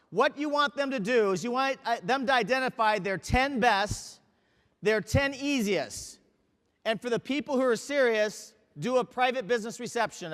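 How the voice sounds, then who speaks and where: Male sales trainer with a very high voice, emphatic, quizzing the audience, reverberant hall. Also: fairly bright tone. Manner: emphatic, asks the audience questions. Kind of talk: motivational training talk.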